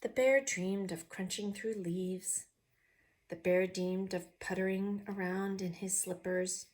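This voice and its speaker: A woman reading a picture book aloud to young viewers, pausing to ask them questions. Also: mid-range voice, steady tone, a little mellow.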